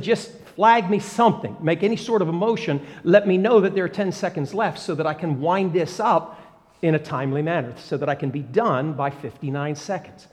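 A man preaching and telling a story, animated, often repeating words and bursting into excitement. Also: high voice, long reverb tail. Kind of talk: sermon storytelling.

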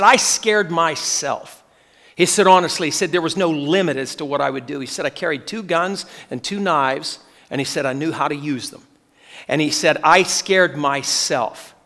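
A man's voice: fairly high pitch, fairly bright tone. Earnest male preacher in a reverberant hall. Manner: earnest, repeats key phrases, voices quoted speech. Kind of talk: sermon storytelling. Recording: long reverb of a large hall.

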